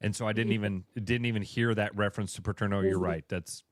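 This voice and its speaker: A man's voice: lowish voice, fairly even intonation, quick pace, no room sound. Chatty male co-host, dry studio sound. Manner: chatty, agreeable, calls the host by name. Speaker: radio sports show co-host. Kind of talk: casual sports talk.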